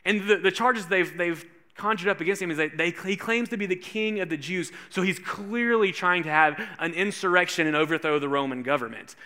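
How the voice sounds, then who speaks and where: A male pastor delivers a sermon through a comic personal story, acting out every exchange. His voice is very bright and sits a little high for a man. He talks with animated, storytelling energy. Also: fairly quick, hardly any pauses.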